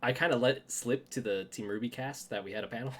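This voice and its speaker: Man, podcast host, casual chat, chatty storyteller, laughs a lot, mid-pitched voice. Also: fast, fairly bright tone.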